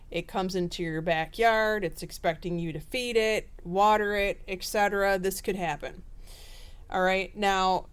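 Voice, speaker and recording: A woman's voice: medium pitch, smooth. A woman giving a casual tarot reading in a chatty, rambling way with fillers. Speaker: tarot reader.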